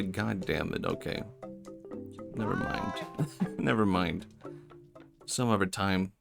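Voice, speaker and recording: A young man with a Swedish accent and vocal fry, chatting softly and musing aloud while streaming a game. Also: deep voice, slow, long pauses, over music. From Sweden. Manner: soft-spoken, musing, talks to chat. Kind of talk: casual game-stream chat.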